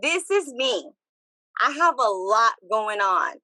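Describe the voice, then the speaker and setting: Lively bilingual woman, bright voice. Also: fairly high pitch, takes it slowly, no room sound, rough recording. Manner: animated, switches between English and Spanish, repeats phrases. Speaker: podcast guest. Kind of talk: casual chat.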